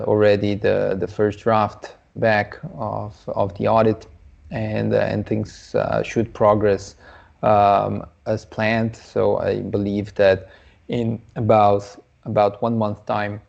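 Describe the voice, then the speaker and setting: A man's voice: fairly low pitch, gravelly, a little mellow, highs cut off. A man co-hosting a casual livestream Q&A, speaking hesitantly with many fillers. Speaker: co-host.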